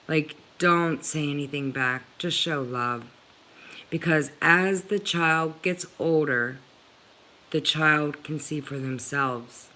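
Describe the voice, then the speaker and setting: In a low, bright, forceful voice, a middle-aged woman slowly and earnestly tells her viewers about her own experience. As a vlogger speaking to camera, she keeps addressing them as "guys" and comes close to tears at times.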